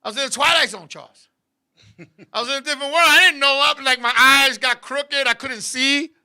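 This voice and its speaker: Guy with a really high bright voice telling a raunchy story, laughs a lot, loud and profane. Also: brisk. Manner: crude and profane; puts on voices to quote others. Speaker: show host telling a story. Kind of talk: comic storytelling to co-hosts.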